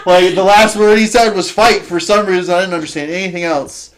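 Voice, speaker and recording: A young man with a slightly high voice tells stories in a casual podcast chat. His delivery stays joking and loose, with casual swearing. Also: fairly even intonation, a little fast, very noisy.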